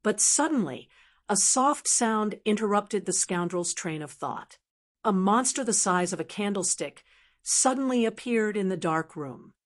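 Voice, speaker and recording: A woman narrating a fantasy novel audiobook at a mid pitch. Her reading is steady and even, with the measured pacing of scripted narration.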